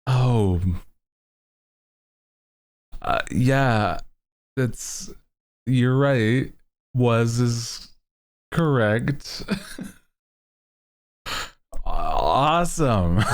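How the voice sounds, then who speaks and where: A man's voice: medium pitch, animated, drawn-out words, pauses often. A man streaming, chatting casually to his chat in a laid-back, rambling way with lots of fillers. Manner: bursts into loud laughter.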